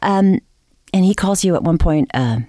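Radio host lady, lowish voice, chatty, dry studio mic. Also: animated, moderate pace, mellow, no echo. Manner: conversational, light hesitations. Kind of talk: public radio interview and hosting.

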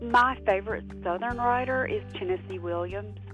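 A woman from South Carolina telling a personal story in an earnest, halting way. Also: medium pitch, narrow, tinny audio, soft background music. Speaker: guest.

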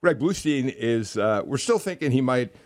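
A man hosting a political radio talk show, speaking in a halting way with many fillers and a wry edge. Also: mid-range voice, lively intonation, dry recording. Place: radio studio.

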